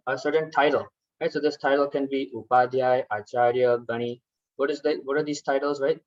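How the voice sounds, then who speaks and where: A man's voice: a little high, dry recording, dull audio. Patient man guiding a ritual workshop. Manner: patient, explanatory, often asks "right?". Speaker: workshop instructor. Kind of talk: guided ritual instruction.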